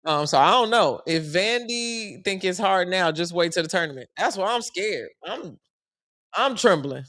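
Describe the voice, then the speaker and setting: A man's voice: sits high, moderate pace, no room sound, clean studio sound. A young man giving casual, joking live commentary on a basketball game. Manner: animated, joking, slangy and conversational. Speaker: sports commentary streamer.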